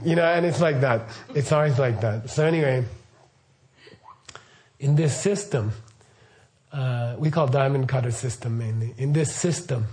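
A middle-aged man with a slightly mellow, medium-pitched voice speaks at a moderate pace. As a Buddhist teacher in casual spoken mode, he drifts from point to point, asks his listeners questions, and says "okay" and "right" a lot.

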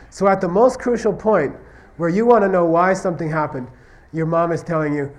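A Buddhist philosophy teacher gives a conversational classroom lecture in a fairly high voice at a moderate pace. He keeps checking understanding with "okay?" and "you see what I mean?" and tells stories in which he acts out question-and-answer exchanges.

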